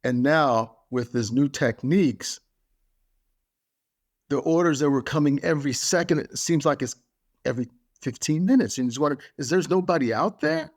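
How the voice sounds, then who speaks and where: A man's voice: mid-range voice, normal speed, pauses often. A man giving a motivational podcast talk, speaking emphatically and driving his points home through repetition.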